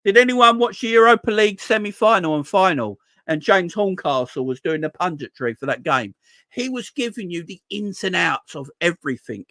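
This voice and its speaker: A man's voice: sits high, animated, moderate pace, a bit bright, dry recording. A man ranting casually about football as host of a fan channel, swearing and stumbling over his words when frustrated. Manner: exasperated, swears, repeats himself when frustrated.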